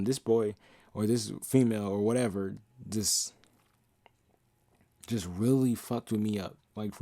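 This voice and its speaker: A man's voice: mid-range voice, warm tone, no echo, studio quality. A young man talking casually and passionately as a podcast host, blunt and profane, sometimes half-singing lyrics. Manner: half-sings song lyrics he quotes. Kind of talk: casual monologue.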